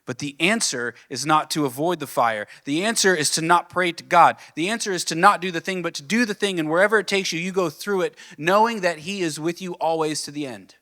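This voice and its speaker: A man preaching a sermon as pastor, earnest, asking the listeners questions and dropping to a soft, low voice on key points. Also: brisk, hardly any pauses. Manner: earnest, builds with rising questions then drops soft.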